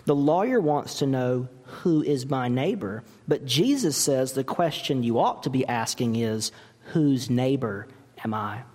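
A pastor delivers a sermon in a slow, deliberate cadence, his pitch rising and falling with lively animation. He preaches emphatically, leaning on rhetorical questions. His voice carries a long reverb from a large church hall.

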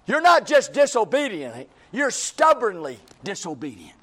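A man's voice: high-pitched, wildly swooping pitch, a little slow, bright, forceful tone. A male preacher, delivering a sermon in a church with a repetitive, emphatic cadence.

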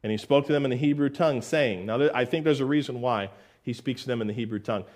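A man preaching a verse-by-verse sermon as pastor, animated, acting out scenes and quotes and often restarting his words. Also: medium pitch, quick pace.

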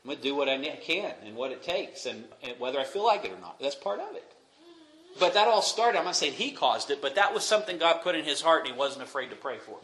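A young man preaching a sermon as pastor, dropping to quiet asides and rising to loud, emphatic peaks. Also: a little high, sing-song, fast. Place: church sanctuary. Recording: echoey room, faint noise.

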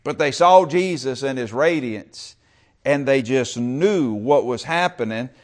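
Preaching man swinging from loud to hushed. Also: mid-range voice, lively intonation, measured pace. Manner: talks with the congregation, calls for amen and uses y'all. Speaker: pastor. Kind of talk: sermon.

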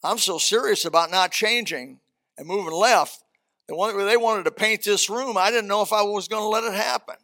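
Older pastor with a gravelly voice. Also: male voice, high-pitched, moderate pace, sharp tone. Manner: folksy, emphatic preaching with humorous asides. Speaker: senior pastor. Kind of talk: sermon. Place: church auditorium.

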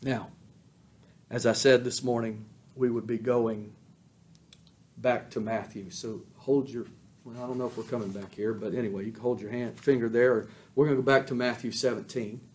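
A man preaching a sermon as pastor, fervent, swelling loud on emphatic lines and dropping soft on quiet ones. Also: mid-range voice, fairly even intonation, moderate pace.

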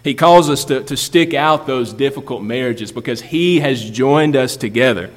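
A man's voice: medium pitch, normal speed. A man preaching a sermon as pastor, building emphasis and asking rhetorical questions. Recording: long reverb of a large hall.

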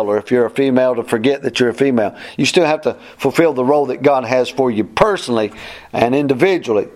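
A man's voice: mid-range voice, a little mellow. A man teaching a verse-by-verse Bible class, plainspoken and emphatic, often repeating his points.

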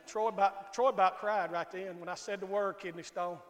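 A Southern male pastor with a high-pitched voice preaches in a folksy, storytelling way. He keeps calling out to his congregation as he goes. His voice rings through a reverberant church sanctuary. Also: steady tone, fairly quick. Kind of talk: sermon.

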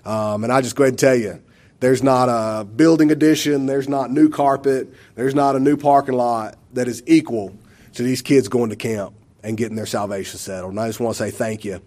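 A man tells a church testimony, his voice at a middle pitch. He rambles with many fillers, and his speech is emotional. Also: steady tone, a little fast, a little mellow. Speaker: church member giving a testimony.

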